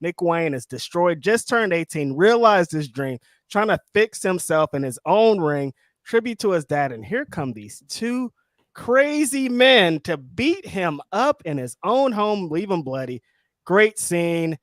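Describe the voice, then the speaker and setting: A man co-hosting a casual wrestling recap, telling the story with animated energy and acting out quotes. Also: measured pace, dry recording, studio quality. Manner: animated storyteller, acts out quotes in high voices. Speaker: co-host.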